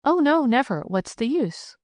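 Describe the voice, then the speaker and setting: A woman reading the part of a kind, practical young peasant girl in an audiobook, speaking briskly and teasing gently. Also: sits high, sing-song, no room sound, voice pushed up.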